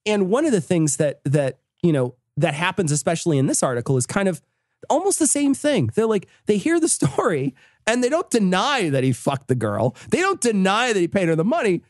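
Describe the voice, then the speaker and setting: A man's voice: sits high, very animated, a little fast, no echo, studio quality. A man co-hosting a podcast in casual, giggly comedic chat, rambling and restarting his sentences. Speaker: podcast co-host.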